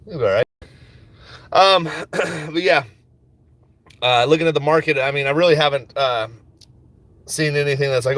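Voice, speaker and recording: Here a man with a somewhat high, slightly bright voice speaks at a moderate pace with frequent pauses, and there's no room sound. He's a stock market vlogger rambling on a phone livestream about his picks from his car and a coffee shop line. Laid-back and joking, he swears freely and laughs a lot.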